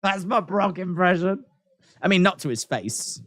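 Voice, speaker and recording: Male streamer, lively pitch swings, chatty live reactions, close dry sound. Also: measured pace, dry recording. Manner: animated, repeats lines, laughs at himself.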